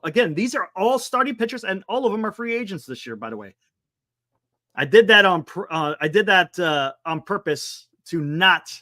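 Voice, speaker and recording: A man hosting a casual live sports talk stream, excitable and quick to laugh. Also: a little high, no room sound, studio quality. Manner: excitable, laughing, talks to guests on a video call. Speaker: sports talk show host.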